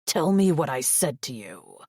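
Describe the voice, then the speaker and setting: A woman voicing a gruff, menacing male wolf shifter warrior with a deep growling rumble, speaking low, clipped and commanding. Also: very animated, measured pace, a little mellow, no echo, clean studio sound, heavily acted. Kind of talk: audiobook character voice.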